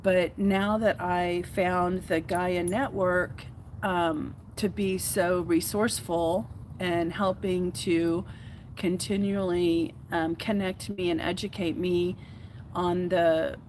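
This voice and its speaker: Slow, earnest woman. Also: on the low side, little pitch movement, a little mellow, slight background noise, low-quality recording. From Houston, Texas. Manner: earnest, heartfelt, rambling with many fillers. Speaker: podcast host. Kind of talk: casual solo talk to camera.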